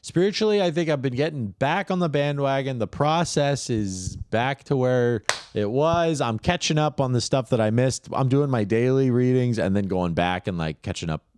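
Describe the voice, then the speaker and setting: A man's voice: mid-range voice, moderate pace, hardly any pauses, smooth, dry recording. A young man co-hosting a comedy podcast, talking casually and slipping into mocking voices. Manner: animated, mimics people in quoted voices. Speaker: podcast co-host.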